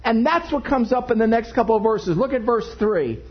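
A male pastor preaching a sermon to his congregation, animated and joking in asides. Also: extremely high pitch, brisk, slightly rough. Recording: dull lo-fi recording.

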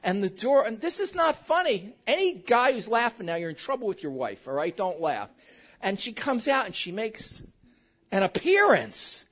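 A woman pastor preaches with a bright, swooping voice that climbs and dips all the time. She tells joking stories right at her congregation. The recording sounds a little muffled. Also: a little high. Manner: animated, joking storytelling addressed to the congregation. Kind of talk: sermon.

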